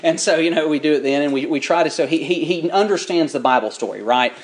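A pastor with a drawl delivers a sermon, his voice sitting a little high for a man. He tells homey stories casually, then stretches out key words as his preaching builds. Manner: preaching with rising fervor, drawn-out emphasis; folksy, chatty storytelling with restarts.

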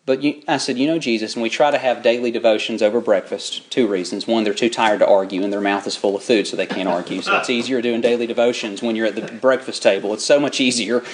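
A man preaching a sermon, shifting between folksy, chatty storytelling and drawn-out, rising emphasis on scripture. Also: on the low side, steady tone, slight background noise. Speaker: pastor.

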